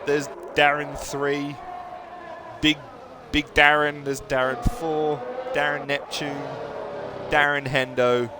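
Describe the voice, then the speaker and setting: A man's voice: a little high, level tone, slow, noisy background. A young man commentating a sim racing stream, chatting casually and joking with viewers and drivers. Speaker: race commentator.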